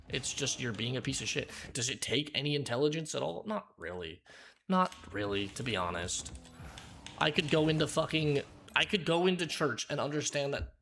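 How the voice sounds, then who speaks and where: A male game streamer in a heated rant at a viewer, blunt and profane. He hammers the same points over and over with a very animated, swinging pitch. A faint hum of room ambience sits behind him. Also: vocal fry. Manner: lectures in a hammering, repetitive way.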